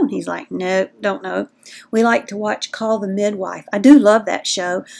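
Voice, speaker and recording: A woman's voice: medium pitch, creaky, darkish tone. A middle-aged woman with a Southern American accent, hosting a podcast in a folksy, chatty way. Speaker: podcast host. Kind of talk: casual podcast talk.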